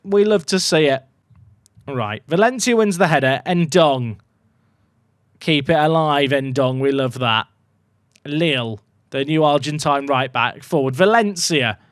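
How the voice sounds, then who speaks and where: A young man commentating his own football management game at home, chatty and excitable, shouting when goals go in. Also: on the high side, slow pace, pauses often, dry recording, clean studio sound. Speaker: gaming YouTuber. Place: home room.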